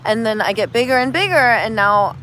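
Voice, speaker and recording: A woman, a spiritual healer, talking casually and telling animated stories, acting out voices as she goes. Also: on the high side, brisk, a little hiss or hum, low-quality recording. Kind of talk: casual street conversation.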